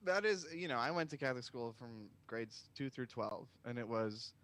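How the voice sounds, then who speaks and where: Animated joking man on a comedy podcast. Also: medium pitch, normal speed. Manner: joking, laughs often. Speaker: podcast co-host. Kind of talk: casual comedy chat.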